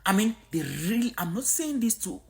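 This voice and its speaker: A woman's voice: medium pitch, moderate pace, gravelly. A woman from Africa in her thirties, giving a blunt, outspoken opinion monologue to a phone camera. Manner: blunt, outspoken, animated storytelling. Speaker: social media creator.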